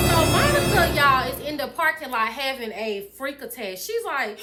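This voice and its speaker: A young woman vlogger telling a story in casual chat, animated and swearing freely, acting out what people said. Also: high-pitched, measured pace, loud music behind the voice.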